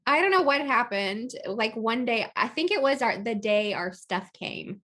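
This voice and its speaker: A woman's voice: fairly high pitch, lively intonation, moderate pace, a bit bright. Chatty laughing woman podcaster. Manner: laughs often, acts out quotes animatedly. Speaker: podcast co-host. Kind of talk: casual chat. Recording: rough home audio.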